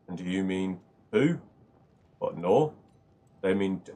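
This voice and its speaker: A man's voice: deep voice, unhurried, creaky, pauses often, a little mellow. A man hosting a gaming video, chatting casually and rambling through upbeat asides while he plays. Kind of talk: casual gameplay commentary.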